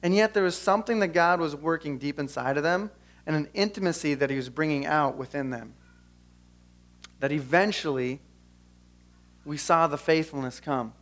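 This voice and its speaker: A man's voice: a little high, moderate pace, pauses often. A young man preaching earnestly at a church service, chatting casually with the congregation and then leading a prayer. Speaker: pastor. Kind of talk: sermon and closing prayer. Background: soft guitar music.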